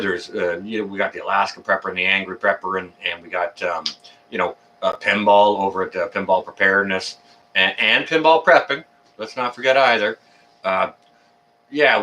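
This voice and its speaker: This man's voice runs on the low side, pushed and bright, as he hosts a casual live stream. Calling viewers by name, he rambles through friendly banter loaded with fillers, captured a little far from the microphone.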